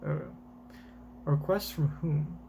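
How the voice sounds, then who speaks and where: Guy putting on a teasing sing-song lady scientist, mock-innocent, manga read aloud in voices, slow. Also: a little high, creaky, dark tone, a little hiss or hum. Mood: coy. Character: scheming young woman scientist, coy and playful.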